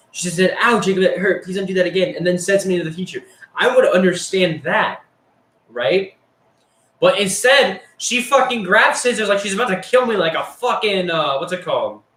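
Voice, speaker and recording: A young man with a high-pitched, animated and slightly bright voice tells a story from his school days at a moderate pace. He rambles, swears, and leans heavily on fillers. The recording has an echoey room sound.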